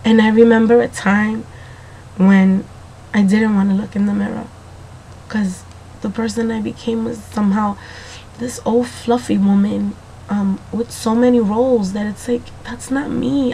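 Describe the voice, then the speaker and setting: A woman keeping a casual video diary, chatty and rambling, talking straight to the viewer, slightly hoarse from allergies. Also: a little high, steady tone, a little slow, mellow, a little hiss or hum.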